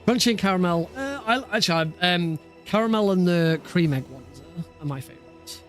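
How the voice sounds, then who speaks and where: A man chats on a live stream, rambling loosely from one thought to the next with lots of fillers and restarts. His voice sits a little high for a man, and faint music plays behind him. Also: animated, a little fast, fairly bright tone. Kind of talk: casual live-stream chat.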